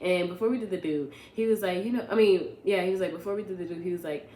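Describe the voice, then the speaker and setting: A young woman vlogger, telling a story in a casual, animated, rambling way and often correcting herself. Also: lowish voice, fast. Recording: echoey room with faint ambience.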